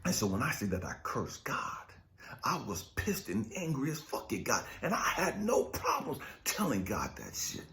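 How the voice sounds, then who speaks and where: A man giving a raw, profane spiritual testimony as a coach, swinging between shouting and whispering. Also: medium pitch, huge pitch swings, normal speed. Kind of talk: emotional personal testimony.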